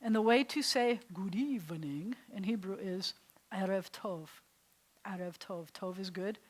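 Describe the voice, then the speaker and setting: Unhurried and medium-pitched, a woman rabbi guides a small seated group through a lesson in a classroom. She chats her way through it step by step and often poses questions to the students.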